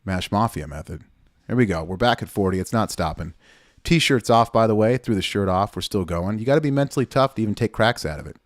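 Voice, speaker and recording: A man's voice: lowish voice, animated, fairly quick, no room sound. Fired-up blunt male weightlifting coach. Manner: blunt, fired-up, swears and repeats himself. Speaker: weightlifting coach commenting on his training video. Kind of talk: casual video commentary.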